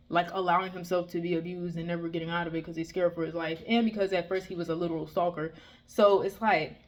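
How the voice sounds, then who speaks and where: A woman giving a heated, exasperated casual review, swearing often and breaking into animated outbursts. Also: on the low side. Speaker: manga reviewer.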